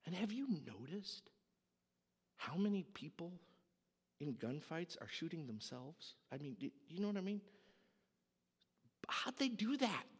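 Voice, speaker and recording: A man preaching a sermon, telling a dramatic story in an animated way. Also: a little high, unhurried, long pauses, husky, in a large hall. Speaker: pastor.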